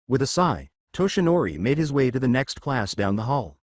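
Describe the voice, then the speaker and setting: A man narrating a fan story in a steady reading voice. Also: mid-range voice, normal speed, dry recording, clean studio sound. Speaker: fanfiction narrator.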